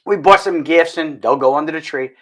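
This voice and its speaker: A man's voice: on the high side, a little fast. A man hosting a casual talk show, joking and stumbling over his words. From northern United States. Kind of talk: casual chat.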